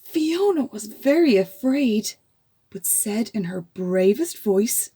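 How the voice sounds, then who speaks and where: A woman, a teacher, reading a children's storybook aloud with gasps and hushed asides. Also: a little high, takes it slowly, slightly rough. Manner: animated, with stage gasps and whispers.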